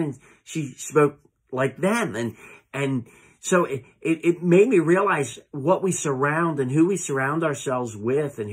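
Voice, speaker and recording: Earnest pastor with a husky voice. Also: male voice, medium pitch, a bit bright. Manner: earnest, halting delivery with many repeated words. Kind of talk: sermon. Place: church sanctuary.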